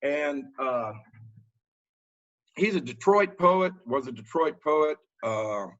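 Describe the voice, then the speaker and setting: Workshop leader, man, bright higher voice, halting chatty commentary on poems, dull lo-fi call audio. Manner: relaxed, halting commentary with many fillers. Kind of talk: reading and discussing poems.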